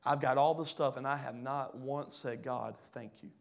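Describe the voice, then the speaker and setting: A pastor preaching a sermon, swinging between loud rising bursts and quiet low drops. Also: male voice, fairly even intonation, moderate pace, vocal fry. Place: church hall.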